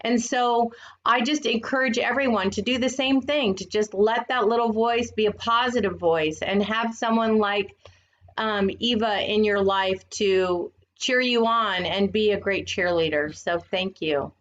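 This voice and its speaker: A woman's voice: mid-range voice, a little slow. Earnest older woman co-host, lo-fi sound. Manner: earnest, emotional. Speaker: podcast co-host. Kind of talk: casual heartfelt chat.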